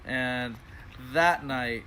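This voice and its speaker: A man's voice: mid-range voice, very slow, bright, forceful tone, slight background noise. A man who is a studio musician and producer, talking in a laid-back, rambling way in a casual interview.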